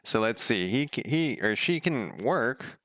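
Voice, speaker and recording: A man with a mid-range voice talks loosely over his coding stream, full of fillers and casual profanity. His voice rises and gets louder whenever he acts out what other people said. The sound is dry and close, with no room around it. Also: expressive, measured pace, no room sound. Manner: gets louder and higher when quoting others. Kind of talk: casual rambling livestream chat.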